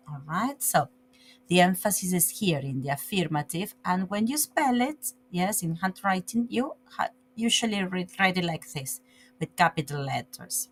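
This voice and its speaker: A woman teaching an English grammar lesson, reading example sentences slowly and stressing the key words. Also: on the low side, expressive, slight background noise, poor audio.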